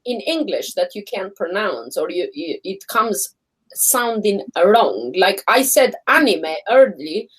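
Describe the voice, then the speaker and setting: A woman co-hosting a casual live chat stream, telling animated stories, acting out other people's voices and laughing often. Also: medium pitch, slow, breathy edge, low-quality recording.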